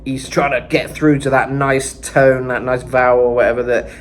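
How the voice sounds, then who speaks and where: A man's voice: medium pitch, little pitch movement, moderate pace, slight background noise. A man giving a casual vocal lesson, talking loosely with lots of "kinda" and "you know.". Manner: breaks into screamed metal demos. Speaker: vocal coach.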